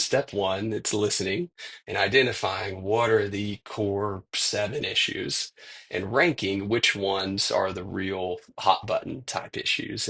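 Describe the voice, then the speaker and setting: A man's voice: fairly low pitch, a bit bright. A man in his forties, a conflict expert, talking casually in an interview and chuckling now and then. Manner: gravelly, husky voice, chuckles as he talks. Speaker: conflict resolution expert guest.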